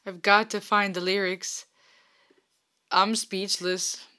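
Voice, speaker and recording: A woman's voice: mid-range voice, flat delivery, takes it slowly, sharp tone. A young woman hosting a music reaction, talking casually and emotionally, often lost for words and restarting her sentences. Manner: emotional, effusive, stumbling over words.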